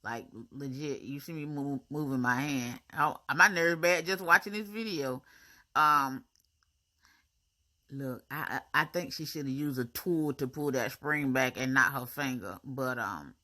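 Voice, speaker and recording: A woman's voice: very deep voice, unhurried. A woman, chatting to viewers in a casual voice-over about her braces appointment. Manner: chatty, animated, talks to viewers as y'all, honey and baby.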